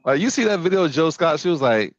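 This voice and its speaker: A man's voice: a little high, quick pace, no echo, lo-fi sound. A man hosting a casual podcast, telling stories with crude jokes and acting out the voices of the people he quotes. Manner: animated storyteller, crude and joking, acts out quoted voices. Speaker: podcast host.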